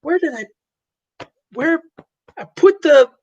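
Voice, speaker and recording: A woman voicing a bumbling male alien who has lost his monolith, calling out loudly in a flustered way. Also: high voice, expressive, slow, dull audio, pitched above the performer's own voice.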